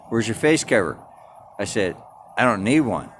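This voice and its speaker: A man's voice: on the low side, very animated, normal speed, pauses often, slight background noise. A man telling a story in a crude, defiant, boastful rant, swearing constantly. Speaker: vlogger.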